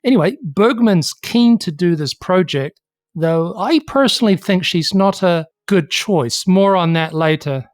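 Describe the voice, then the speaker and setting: A podcast co-host tells history in a steady, explanatory way. The voice sits at a middling pitch. It is recorded close and dry, with no room echo. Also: measured pace. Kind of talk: casual history podcast chat.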